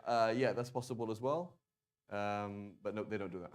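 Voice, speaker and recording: A man teaching a language class in a relaxed, chatty way, often stopping to sound out words slowly and restarting sentences. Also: on the low side. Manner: casual, conversational, with many fillers and restarts. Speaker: Arabic teacher. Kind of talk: classroom lesson.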